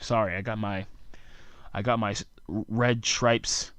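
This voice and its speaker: A man's voice: on the low side, fairly even intonation, slow pace, fairly bright tone, clean tone, no room sound. A tired young man, hosting a solo podcast and ranting sarcastically in a rambling way. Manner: sarcastic, rambling rant with frequent asides. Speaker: podcast host.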